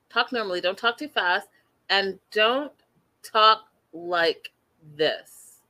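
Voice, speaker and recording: Bright-voiced woman hosting a recap chat. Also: mid-range voice. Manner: animated, acts out quotes, addresses co-host by name. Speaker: podcast host.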